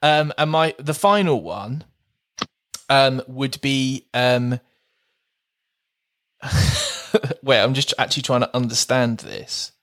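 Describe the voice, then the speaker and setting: A man chats on a podcast in a slow, unhurried way, often breaking into laughter as he toys with words. His voice sits at a middle pitch and is recorded close and dry. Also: fairly bright tone, dry recording. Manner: playful, laughs often, reads out word jokes slowly. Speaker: podcast co-host. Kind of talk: casual chat.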